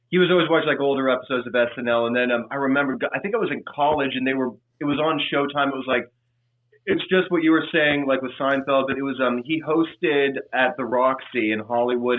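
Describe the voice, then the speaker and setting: A man chatting as a podcast guest, rambling with lots of restarts and fillers. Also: mid-range voice. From Los Angeles. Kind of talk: casual chat. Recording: tinny phone-like line.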